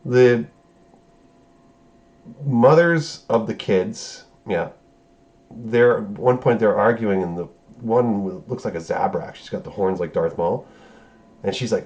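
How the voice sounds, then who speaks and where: A man's voice: on the low side, expressive, a little slow, a little mellow, muffled recording. A man giving a casual recap of a show episode, profane and sarcastic, breaking into incredulous outbursts. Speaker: show reviewer.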